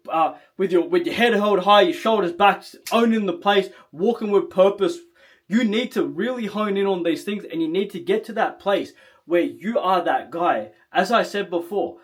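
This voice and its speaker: A man with a noticeably high-pitched voice gives a forceful self-improvement talk to camera. He speaks bluntly and emphatically, swears freely, and keeps checking in with a quick "right?".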